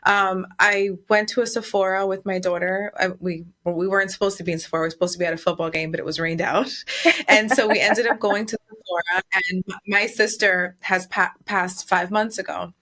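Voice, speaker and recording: A woman's voice: mid-range voice, steady tone, bright, forceful tone. Podcast co-host, woman, casual chat, open and emotional storytelling. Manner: emotional storytelling, quick and heartfelt.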